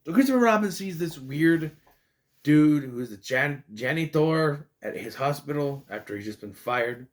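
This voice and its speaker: Male reviewer, fed-up rant delivery, bouncy lively intonation, slightly higher voice, swears freely. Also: normal speed. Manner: exasperated ranting with swearing; rambling, with restarts and stammers. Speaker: movie reviewer. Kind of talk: casual spoken film review.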